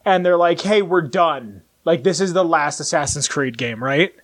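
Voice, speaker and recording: A young man with a notably high voice, chatting casually as a co-host. He tells stories in a rambling, excitable way and acts out the characters as he goes. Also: moderate pace. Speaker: podcast co-host. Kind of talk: casual chat, animated storytelling.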